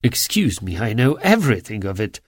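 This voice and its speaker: A man voicing a shrewd, composed gentleman detective who speaks in a bland, measured way. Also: on the low side, very animated, slightly rough, no room sound, clean studio sound, voice pushed down.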